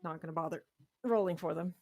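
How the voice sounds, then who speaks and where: Low gravelly woman running a game. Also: fast talker, mellow, no room sound, studio quality. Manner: amused, laughs at outcomes. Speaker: game master. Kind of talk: running a tabletop game online.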